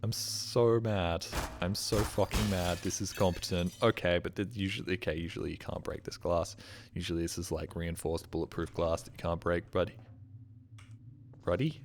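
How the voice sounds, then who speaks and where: A man streaming a game live, muttering sarcastic commentary and breaking into excited outbursts. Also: low-pitched, moderate pace, slight background noise.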